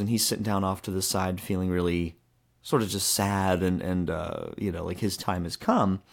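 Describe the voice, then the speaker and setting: A man's voice: on the low side, creaky, darkish tone. A man in his thirties hosting a podcast, telling a story in a casual, rambling way with lots of fillers and restarts. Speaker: podcast host. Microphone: handheld microphone.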